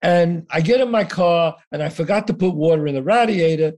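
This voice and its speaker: A man's voice: on the high side, brisk, darkish tone. An older man telling his story as a podcast guest, acting out both sides of each conversation and swearing freely. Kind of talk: animated storytelling.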